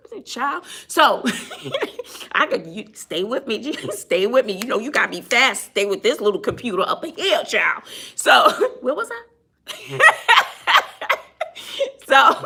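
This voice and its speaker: A woman's voice: a little high, sharp tone. A woman who is a teacher, chatting casually to viewers on a phone livestream, laughing often and greeting people as she tells a story.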